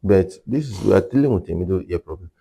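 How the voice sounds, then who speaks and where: A man's voice: low-pitched, animated, quick pace, creaky, mellow, husky. A man working as a hearing care clinician, explaining in an interview and repeating his key points for emphasis.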